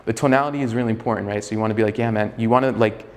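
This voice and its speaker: A man's voice: fairly low pitch, fairly even intonation, racing, long reverb tail, a little hiss or hum. A man giving a live sales training, talking casually and profanely with a slightly arrogant edge and acting out both sides of sales calls. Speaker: sales coach.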